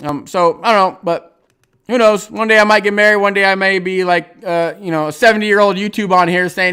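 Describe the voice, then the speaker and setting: Man, livestream host, high bright voice, smooth clear tone, rambling casual chat, lots of ums and restarts. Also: fairly even intonation, a little fast. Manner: rambling, hesitant, many fillers and restarts; chuckles often while talking. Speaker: livestream host reading viewer comments.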